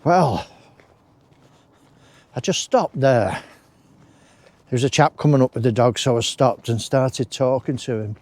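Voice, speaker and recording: A man rambles in a relaxed, mellow voice while out walking. He keeps up a chatty commentary with friendly asides, and his voice sounds dry and close to the mic. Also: mid-range voice, takes it slowly, long pauses, no room sound. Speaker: walking vlogger. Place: outdoors in a wooded country park.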